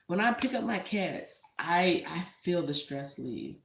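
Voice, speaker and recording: A woman's voice: fairly low pitch, expressive, normal speed, hardly any pauses. Heartfelt rambling woman in an echoey room. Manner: rambling, heartfelt, drifts into asides. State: emotional. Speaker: entrepreneur vlogger. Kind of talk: casual talk to camera. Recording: roomy echo.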